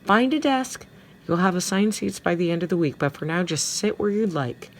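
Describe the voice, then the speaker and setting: A woman voicing a stern, brisk middle-aged female homeroom teacher in a storybook reading. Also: a bass voice, lively intonation, a little hiss or hum, full character voice. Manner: brisk, commanding.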